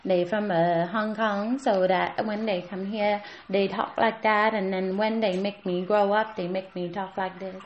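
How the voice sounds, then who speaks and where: A woman's voice: a little high, normal speed, reverberant, dull audio, a crowd in the background, lightly acted. A woman putting on an eager nail assistant in broken English. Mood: chatty. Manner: broken grammar, eager and apologetic. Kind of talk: improvised comedy sketch.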